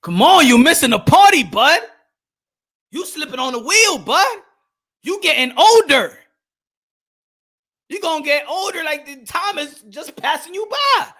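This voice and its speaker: A man hosting a live boxing stream, loud and animated, trash-talking fighters and hyping his viewers. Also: very high voice, a little slow, long pauses. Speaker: boxing commentator.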